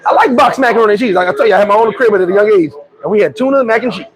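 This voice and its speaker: Male vlogger, high pitch, animated and joking rant, street crowd audible behind. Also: very fast, poor audio. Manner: animated, joking, swears freely. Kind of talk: casual rant to camera.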